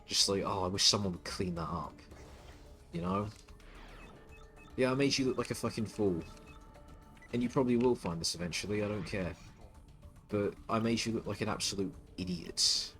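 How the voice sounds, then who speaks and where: A male streamer in the middle of a scornful, profanity-laced rant, tripping over his own words as he doubles back. His voice runs on the low side. Soft music plays behind him. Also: moderate pace, pauses often. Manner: contemptuous, stuttering restarts, swearing. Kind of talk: ranting stream commentary.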